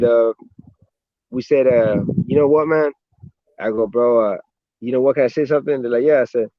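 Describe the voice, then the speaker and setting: An American boxer tells his stories in a relaxed, easygoing way, swearing freely and ending lines with "man". His voice sits at a mid pitch and sounds close and dry. It comes through the dull, muffled sound of a video call. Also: dry recording. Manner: laid-back storyteller, swears a lot, says "man" often. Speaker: professional boxer, interview guest. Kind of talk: casual interview chat.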